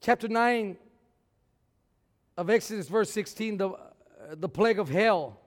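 A man preaching a sermon, swinging from shouted peaks down to low, quiet talk, often repeating words as he restarts. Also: unhurried. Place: church. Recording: long hall reverb.

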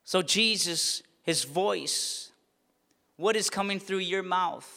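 A man with a high, bright voice preaches a sermon, building to fervent near-shouts on key lines. His words ring out through a church sanctuary with a long, lingering reverb. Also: slow, gravelly. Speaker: pastor.

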